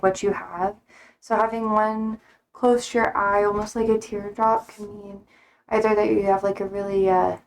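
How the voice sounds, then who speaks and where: A young adult woman, a streamer, chats casually on a live stream in a fairly high voice over poor audio. She rambles, leans heavily on fillers, and keeps cutting herself off mid-thought.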